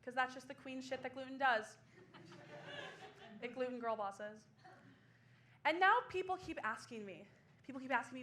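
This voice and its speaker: A woman's voice: on the high side, normal speed, long pauses, bright, forceful tone. A woman in her twenties doing a sardonic, self-mocking stand-up comedy set on a small club stage.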